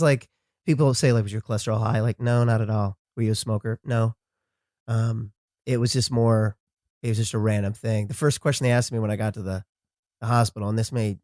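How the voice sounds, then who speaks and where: Man, podcast guest, casual talk, halting, restarts, dry recording. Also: medium pitch, darkish tone, no room sound. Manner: halting, restarts, stumbles over words. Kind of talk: casual conversation.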